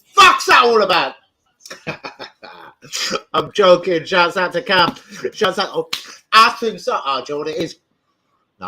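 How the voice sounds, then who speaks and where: Excitable man hosting a watch-along. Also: a little high, a little hiss or hum, low-quality recording. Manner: excitable, swearing, shouting out viewers. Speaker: football fan channel host. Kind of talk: live football watch-along chat.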